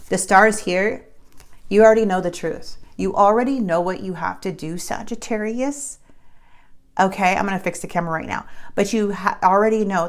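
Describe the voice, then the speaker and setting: A woman doing a casual tarot reading to camera, chatty and emphatic, with many fillers and restarts. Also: lowish voice. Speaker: tarot reader.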